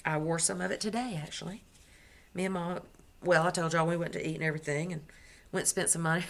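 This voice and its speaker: A woman's voice: lowish voice, fairly even intonation, a little fast, creaky, long pauses, a bit bright. A woman crochet vlogger chatting casually to the camera at home, gushing as she shows off her gifts and correcting herself as she goes. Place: at home indoors.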